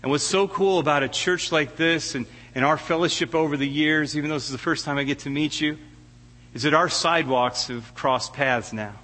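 A man's voice: a little high, brisk, bright, forceful tone, long reverb tail. A middle-aged man preaching a heartfelt sermon as a guest preacher, often stammering and restarting his words. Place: church sanctuary.

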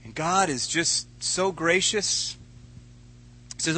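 A man's voice: a little high, animated, slow pace, bright, forceful tone, husky. A man pastor preaching a sermon in an earnest, conversational way, often repeating words as he goes.

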